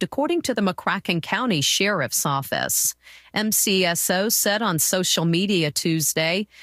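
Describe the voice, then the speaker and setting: A woman reading a local radio news bulletin in a steady, brisk way. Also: on the low side, no echo, studio quality. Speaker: radio newsreader.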